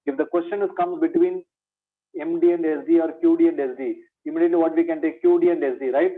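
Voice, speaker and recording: A man with a somewhat high voice gives an exam revision lecture in maths. He repeats each point several times, asks rhetorical questions and calls his students "my dear". The recording sounds thin and phone-like. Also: steady tone, fast. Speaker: maths teacher.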